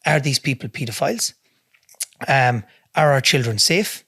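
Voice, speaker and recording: A man's voice: medium pitch, expressive, normal speed, bright, forceful tone, husky, no room sound. An Irish man, a podcast guest, telling a story in a blunt, heavy-swearing way in a studio. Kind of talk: casual storytelling.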